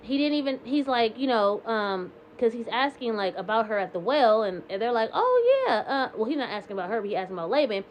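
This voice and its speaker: A woman's voice: fairly high pitch, fast talker, hardly any pauses, a little hiss or hum. A woman casually retelling scripture passages in her own words, with lots of "like" and "um", slipping between quoting and paraphrasing. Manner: chatty paraphrase with frequent "like" and "um". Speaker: Bible reading vlogger.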